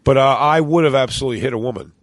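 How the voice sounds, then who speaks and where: A man's voice: medium pitch, racing, no echo. Profane man telling a story. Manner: animated, profane, acts out quotes. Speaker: podcast co-host. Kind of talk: casual storytelling chat. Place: cruise ship.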